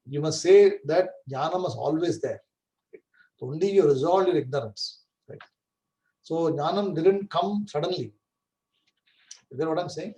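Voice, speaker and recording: A man with a mellow voice on the high side teaches a scripture class, heard through low-quality audio. As a Vedanta teacher he explains things patiently, often pausing to ask "right?" or "correct?"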